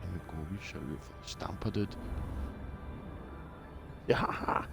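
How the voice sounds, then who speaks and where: A man streaming a space game, chatting excitedly and swearing freely. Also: sits low, a little slow, gravelly, over loud music. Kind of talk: casual live-stream chat.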